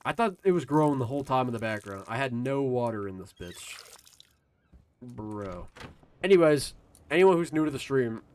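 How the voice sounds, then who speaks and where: A man's voice: mid-range voice, animated, moderate pace, a little mellow. Rambling, cursing male game streamer. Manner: rambling, chatty, swears casually, talks to chat. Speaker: live streamer. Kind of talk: casual gaming stream commentary.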